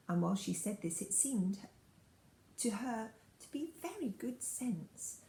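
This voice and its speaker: A woman's voice: a little high, big pitch swings, measured pace, warm tone, echoey room, a little hiss or hum, rough recording. A woman reading a children's story aloud expressively. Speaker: storybook reader.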